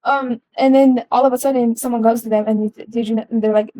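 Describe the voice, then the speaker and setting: Young woman talking it through, kinda high voice, mellow tone, lots of ums and restarts, dry sound. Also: fairly even intonation, fast, dry recording, rough recording. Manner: earnest, with frequent ums and restarts. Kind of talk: casual explanatory talk.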